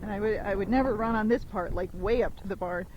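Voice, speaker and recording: A woman riding along a rainy road, recorded on a phone mic as she goes, talking through each move in a relaxed, chatty teaching voice. She counts the footfalls aloud, one-two-three-four, in an even rhythm. A faint wash of background noise sits under her mid-range voice. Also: mid-range voice, fast talker, poor audio. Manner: counts the gait beats aloud in a steady rhythm; casual and chatty, explaining each step. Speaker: gaited horse trainer. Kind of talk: instructional commentary while riding. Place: outdoors on horseback on a road in the rain.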